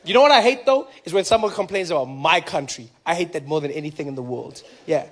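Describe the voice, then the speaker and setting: A man doing stand-up comedy, telling stories with lively impressions. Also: fairly high pitch, fast. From South Africa.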